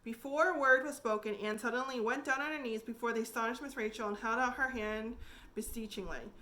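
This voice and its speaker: A woman librarian reading a classic novel aloud, clear and expressive with small restarts. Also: fairly high pitch, brisk, a little hiss or hum. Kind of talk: storybook read-aloud.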